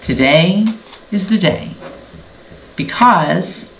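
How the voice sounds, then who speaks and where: A woman's voice: fairly low pitch, expressive, extremely slow. A woman hosting a quilting channel, chatting casually and rambling as she sews along, often breaking off mid-sentence. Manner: chatty, rambling, self-interrupting. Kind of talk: casual sew-along chat. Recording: echoey room with faint background noise.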